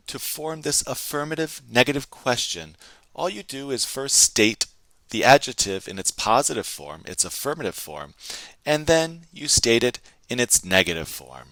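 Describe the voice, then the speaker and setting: Man slowly modeling phrases as a teacher. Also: medium pitch, animated, a bit bright, no echo. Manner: slow, clear model pronunciation of phrases, repeated for practice. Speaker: Chinese language teacher. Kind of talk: recorded lesson video.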